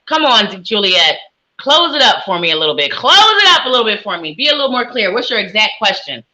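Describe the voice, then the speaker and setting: A woman hosts a live tarot reading stream in a very bright, sharp voice. She talks in an upbeat sing-song, greeting viewers one after another. Her pitch sits a little high for a woman. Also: low-quality recording. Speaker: psychic and tarot reader hosting a live stream. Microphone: webcam with ring light.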